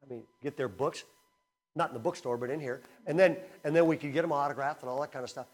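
Lively conversational man preaching a sermon. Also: fast. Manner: energetic, conversational, swings between loud emphasis and low asides. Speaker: speaker at a camp teaching session.

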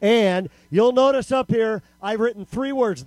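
A man with a high voice tells a comic story to a live crowd of teenagers. He is animated and acts out quotes and noises, tagging his lines with a questioning "okay?". His voice sounds close and dry, with no room echo. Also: unhurried, hardly any pauses. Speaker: speaker addressing teenagers at a camp. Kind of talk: comedic storytelling talk to a live audience.

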